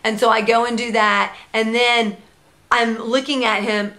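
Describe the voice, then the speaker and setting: A young woman vlogging about her baby, chatty and animated, slipping into sing-song baby talk. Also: a little high, unhurried. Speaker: mom vlogger, founder of a parenting blog. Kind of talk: casual storytelling vlog.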